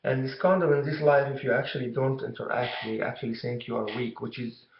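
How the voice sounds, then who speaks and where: Guy telling a story to camera, flat even voice, lots of you know, echoey dull room. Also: mid-range voice, a little hiss or hum. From Egypt. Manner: rambling, halting, fillers like you know.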